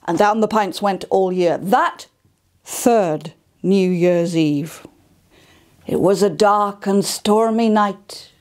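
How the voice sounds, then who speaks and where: Woman, folk storyteller, from the Cotswolds, wry, theatrical, slow. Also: mid-range voice, a little mellow. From Cotswolds, England. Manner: wry, theatrical, chats with audience.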